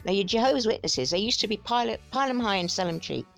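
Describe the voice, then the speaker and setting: A woman's voice: mid-range voice, expressive, fast talker, a bit bright, faint music behind. A woman giving sarcastic, exasperated commentary on a video she is watching, chatty and scornful.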